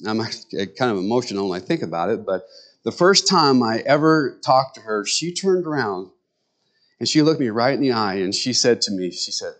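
A man's voice: mid-range voice, lively intonation, a little fast, fairly bright tone. A middle-aged man preaching a sermon in a conversational way, with joking asides to the congregation. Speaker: pastor.

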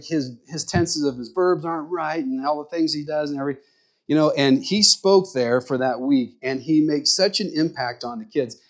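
A man preaching in a small rural church, telling personal stories in a frank, conversational way. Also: mid-range voice. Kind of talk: sermon told as personal stories.

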